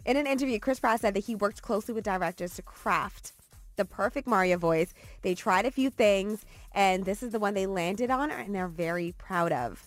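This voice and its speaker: A woman's voice: medium pitch, normal speed, no room sound, faint music behind. Upbeat woman doing trending news. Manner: upbeat, reads tweets aloud with light laughs. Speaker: entertainment news presenter on a morning show. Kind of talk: morning show trending segment. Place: TV studio.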